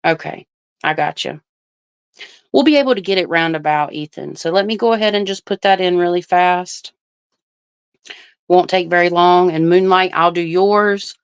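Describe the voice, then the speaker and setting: A woman hosts an astrology livestream, chatting casually and thinking aloud as she reads viewer comments. Her voice is smooth and close-miked with no room echo. The sound is a bit dull and lo-fi. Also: fairly low pitch, moderate pace, long pauses.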